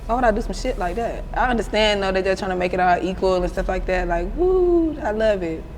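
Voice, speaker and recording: A woman's voice: mid-range voice, fast, a little hiss or hum. A woman in her twenties with an Atlanta accent, telling stories bluntly and profanely as an interview guest. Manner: blunt, profane, animated storyteller. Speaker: rapper guest. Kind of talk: casual interview storytelling.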